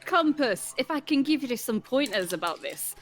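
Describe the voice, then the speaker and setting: A woman's voice: high voice, sing-song, normal speed, a bit bright. A woman chatting casually with friends in a playful, joking way and laughing easily. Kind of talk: casual chat among friends.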